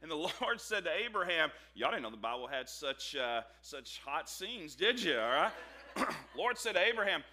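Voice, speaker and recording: A man's voice: a little high, moderate pace. A man pastor preaching a sermon, telling the scripture story with humor and acting out its dialogue. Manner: animated, joking storyteller who acts out the scripture dialogue.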